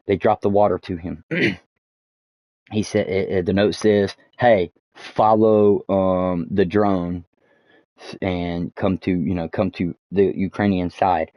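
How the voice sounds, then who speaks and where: A man with a very low voice tells a long story as he streams, stumbling through fillers and restarts and swearing freely. His mic sounds dull and lo-fi, in a dry room with no echo. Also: little pitch movement, slow. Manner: rambling, many fillers and restarts, swears often. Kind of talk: casual storytelling while gaming. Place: home streaming setup.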